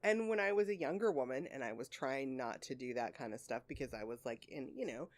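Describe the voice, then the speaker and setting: A woman's voice: rumbling low, animated, fairly quick, a little mellow. A woman co-hosting a podcast in casual chat, talking candidly and at length, swearing freely, with a sore throat. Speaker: podcast co-host.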